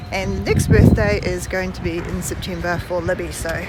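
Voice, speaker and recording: A woman's voice: medium pitch, normal speed, few pauses, very noisy. A woman in her thirties from New Zealand with a New Zealand accent, chatting casually as a vlogger while walking outdoors and filming on a phone. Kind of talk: casual chat.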